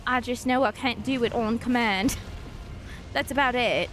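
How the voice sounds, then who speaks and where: A woman's voice: a little high, a little slow, background noise. A young woman from Montana, a streamer, chatting casually with viewers in a rambling way, full of fillers. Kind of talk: casual gaming stream chat.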